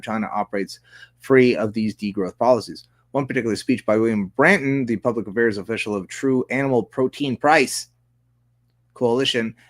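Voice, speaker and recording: A man hosting a political commentary show, reading news articles aloud and breaking off with sarcastic, profane asides. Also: mid-range voice. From Canada. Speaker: host.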